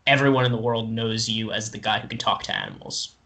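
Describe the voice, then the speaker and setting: A man's voice: fairly low pitch, steady tone, fast talker, pushed and bright. A young man hosting a casual chat with friends, laughing often and asking the others questions.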